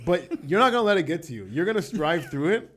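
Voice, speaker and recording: A man's voice: fairly high pitch, lively intonation, fast, fairly bright tone. A man appearing as a guest on a podcast, explaining things in a playful way and giggling as he talks. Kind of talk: casual comedic chat.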